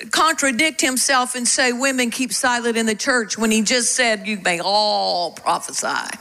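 A middle-aged woman preaching a sermon, animated and calling out questions to the congregation. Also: medium pitch, gravelly, low-quality recording.

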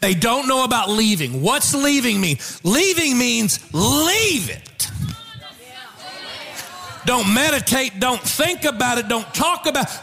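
Man preaching, high voice, swoops up and down, shouts to the crowd. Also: slow, vocal fry. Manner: animated storytelling with shouts and call-outs. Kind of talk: sermon.

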